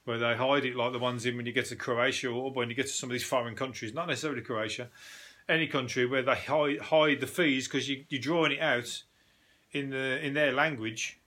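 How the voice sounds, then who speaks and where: A British man hosting a casual news podcast, ranting and joking in an animated, sweary way with laughing asides. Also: mid-range voice, brisk. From Britain. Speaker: podcast host.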